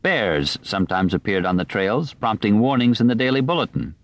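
Low-voiced male audiobook narrator, dry. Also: no echo. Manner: measured, even reading.

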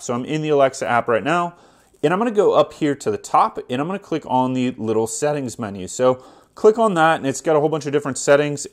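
A man of middle pitch hosts a how-to video in an easygoing, conversational way. He narrates each tap and scroll as he goes, dropping casual fillers along the way. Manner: easygoing, talks through each step with "uh" fillers. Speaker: tech tutorial host. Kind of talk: casual screen walkthrough.

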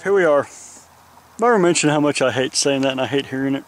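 A man's voice: medium pitch, lively intonation, fairly quick, over music. A man traveling by motorcycle, talking to a handheld camera from a roadside guardrail in the rain, weary and venting as he rambles. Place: roadside guardrail outdoors in the rain, traffic passing. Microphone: handheld camera held close.

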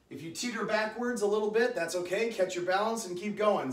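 A man's voice: high-pitched, brisk, few pauses. A man leading a live-streamed home workout, chatting and counting reps aloud in a coaching manner. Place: indoors at home. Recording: echoey room.

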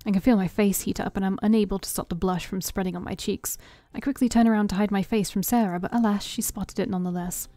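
Brief: woman streamer narrating a story game, expressive, mellow, dry close sound. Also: mid-range voice, quick pace, hardly any pauses, no echo, soft background music. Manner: expressive first-person narration. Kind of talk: reading a visual novel aloud.

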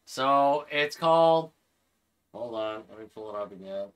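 A man's voice: mid-range voice, animated, a little slow, clear, resonant tone. A man hosting a gaming livestream, talking casually into a headset and ranting with heavy swearing. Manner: profane, heated ranting.

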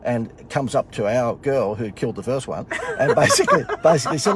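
A man's voice: on the high side, expressive, quick pace, hardly any pauses, a little hiss or hum. A middle-aged Australian man casually telling a funny story in a sarcastic, self-mocking way. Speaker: host.

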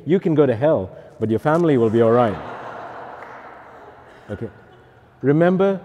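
Male priest, pilgrim talk; playful and teasing, mellow tone, echoey hall. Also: mid-range voice, a little slow, husky. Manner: joking, lively, teasing. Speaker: Catholic priest, pilgrim chaplain.

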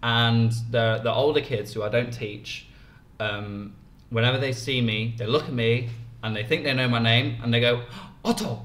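British man, podcast co-host, easygoing talker, average pitch, roomy recording with light noise. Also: moderate pace, few pauses. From Britain. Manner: relaxed, chatty storytelling with frequent restarts. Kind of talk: casual chat.

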